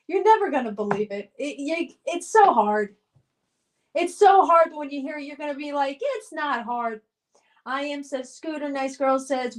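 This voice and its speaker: A woman hosting a live stream, chatting casually and reading viewer comments aloud in an upbeat, reminiscing way with frequent laughs. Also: sits high.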